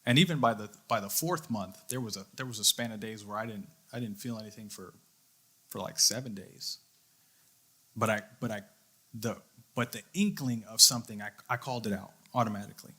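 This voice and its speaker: A youth leader preaching to young people, a man with a somewhat low but bright, forceful voice. He tells his story earnestly and voices his own inner thoughts as he goes. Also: a little fast, breathy edge. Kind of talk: sermon.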